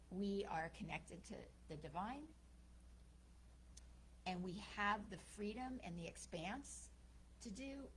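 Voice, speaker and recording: A woman minister giving a sermon, telling a story and acting out its characters' lines in a lively way. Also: medium pitch, a little hiss or hum, poor audio.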